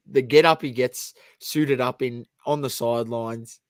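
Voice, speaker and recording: Animated man, dry sound. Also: mid-range voice, unhurried, no room sound. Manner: animated, hesitant restarts. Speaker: podcast co-host. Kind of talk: casual sports chat.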